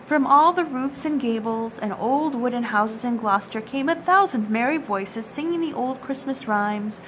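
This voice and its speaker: A woman reading a classic children's story aloud at a storytime, gentle and expressive. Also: on the high side, moderate pace, few pauses, slight background noise, low-quality recording. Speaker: storytime reader.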